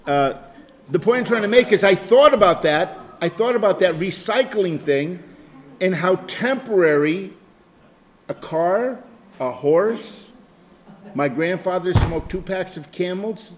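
A man's voice: high-pitched, expressive, unhurried. An older man leading a Bible study group in an informal sermon, rambling, repeating phrases and chuckling.

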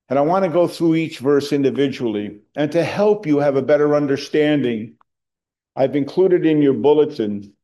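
A middle-aged man preaching a sermon as pastor, earnest and deliberate, lifting his voice on quoted scripture. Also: medium pitch, mellow. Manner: slow, earnest preaching with emphatic rises on quoted verses.

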